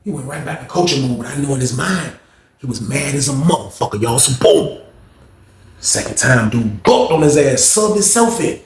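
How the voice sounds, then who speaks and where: A young man telling a story in slangy, animated casual talk. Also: mid-range voice, normal speed. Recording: roomy echo.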